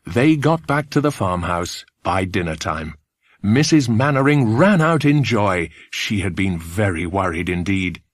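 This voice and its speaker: A man narrating a children's adventure audiobook in a clear, measured storytelling manner. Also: on the low side, no room sound, clean studio sound. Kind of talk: audiobook reading.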